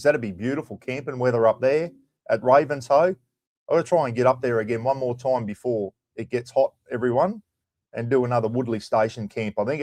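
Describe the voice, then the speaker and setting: A middle-aged Australian man hosts a laid-back livestream chat, greeting viewers by name and tossing in casual swearing. His voice is mid-range and somewhat dark, with no echo.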